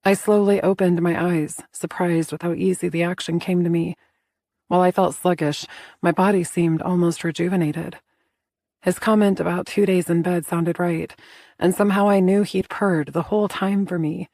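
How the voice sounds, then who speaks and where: Woman reading a romance audiobook, soft intimate telling, dry close sound. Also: fairly low pitch, fairly even intonation, moderate pace, no echo. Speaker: audiobook narrator. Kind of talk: first-person romance audiobook narration.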